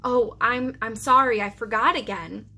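A flustered grown schoolteacher from a storybook, read aloud by a woman. She stumbles and apologizes with hesitant restarts, in a bright, fairly high voice. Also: measured pace, heavily acted.

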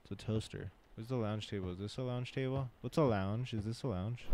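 A man hosting a gaming channel, talking casually through a horror game with loud jumpy reactions and jokes. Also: lowish voice, fairly quick, a little hiss or hum.

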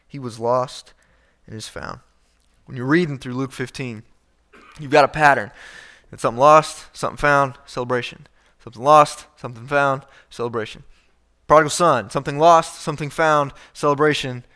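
A man's voice: mid-range voice, moderate pace, bright, forceful tone. A male pastor preaching a conversational sermon, reading scripture and acting out the quoted speakers, with frequent restarts.

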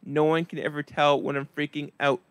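A man delivers stand-up comedy in a deliberately monotone, deadpan way, his voice sitting a little high for a man. The sound is dry and close, with no room echo around him. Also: clean tone.

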